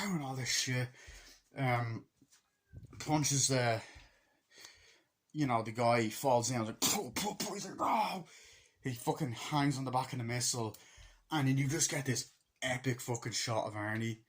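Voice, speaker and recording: A young man retelling a movie's scenes in a casual, swear-filled way, acting out lines in a higher voice. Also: a little hiss or hum. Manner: swears a lot, acts out film quotes in a higher voice. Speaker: movie reviewer. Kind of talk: casual film recap.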